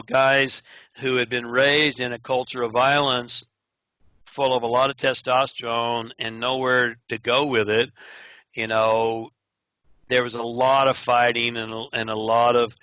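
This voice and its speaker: American guy on a call acting out his story, punchy bright tone, kinda muffled audio. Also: mid-range voice, dry recording. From United States. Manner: animated storyteller, acts out dialogue. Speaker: interview guest. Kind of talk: recounting prison stories in an interview. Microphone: video call. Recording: dull, lo-fi remote call audio.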